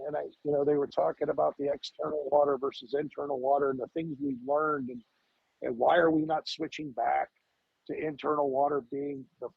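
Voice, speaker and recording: Gravelly, husky-voiced emphatic man. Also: on the high side, no echo, dull audio. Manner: emphatic, repeats words, asks rhetorical questions. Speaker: fire lieutenant guest. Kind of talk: podcast interview.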